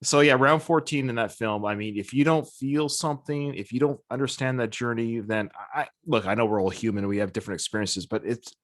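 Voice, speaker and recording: A man's voice: medium pitch, a little fast, few pauses. A man hosting a podcast interview, talking with enthusiasm and rambling through restarts and asides. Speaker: podcast host.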